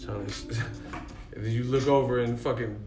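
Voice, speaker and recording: A man's voice: mid-range voice, fairly even intonation, unhurried, a little mellow. A man chatting casually on a live stream, rambling, swearing and laughing often, talking to his chat. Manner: rambling, profane, laughs a lot, acts out voices. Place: in Miami.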